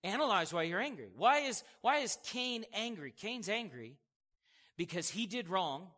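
High, lively preacher in a reverberant hall. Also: male voice, moderate pace. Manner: animated, acts out scripture voices, asks the crowd questions. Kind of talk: sermon. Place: church hall.

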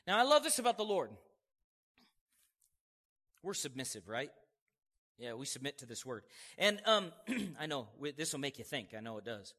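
High, lively preacher in a reverberant hall. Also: male voice, normal speed, pauses often. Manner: animated, acts out scripture voices, asks the crowd questions. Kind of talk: sermon. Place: church hall.

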